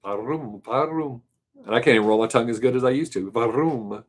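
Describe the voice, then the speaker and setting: A man's voice: medium pitch, racing. Chatty man rambling on a live stream. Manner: rambling, thinks aloud, trails off. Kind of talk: casual chat answering viewer questions.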